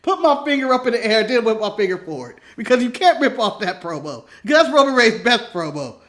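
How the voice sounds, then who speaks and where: A man's voice: very high-pitched, big pitch swings, brisk, a bit bright. An American man co-hosting a casual wrestling recap, laughing often and talking with lots of energy as he goes through his notes. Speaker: podcast co-host.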